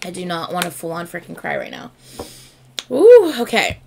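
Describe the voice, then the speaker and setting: Gushing woman with a gravelly voice. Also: on the low side, wildly swooping pitch, normal speed, noisy background. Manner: chatty, gushing, swears freely. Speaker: music video reactor. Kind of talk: casual reaction commentary.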